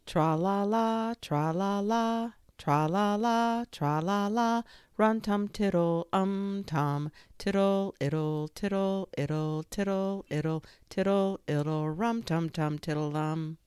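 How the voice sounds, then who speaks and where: A woman voicing a simple, cheerful male teddy bear who loves honey, speaking slowly and earnestly and humming in a sing-song way. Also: low-pitched, sing-song, dry recording, studio quality, heavily acted. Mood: humming happily.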